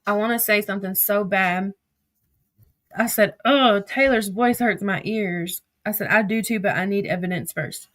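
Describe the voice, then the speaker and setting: A woman's voice: medium pitch, normal speed, fairly bright tone. Blunt, foul-mouthed woman. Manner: blunt and profane, with sudden outbursts. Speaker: social media drama commentator. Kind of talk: casual reading of text message screenshots.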